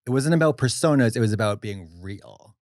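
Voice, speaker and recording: A man co-hosting a podcast in casual chat, animated and quick with asides and swearing. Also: medium pitch, no echo, studio quality. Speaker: podcast co-host.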